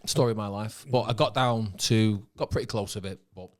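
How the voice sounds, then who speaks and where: A man from Manchester, a guest actor, talking calmly and matter-of-factly on a podcast. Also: fairly low pitch, brisk. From Manchester, England. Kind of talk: casual podcast chat.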